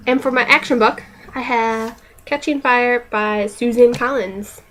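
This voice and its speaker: Slow, playful young woman vlogger. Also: a little high, fairly even intonation, noisy background. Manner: playful, dips into whispers. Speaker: book vlogger. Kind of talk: casual vlog chat.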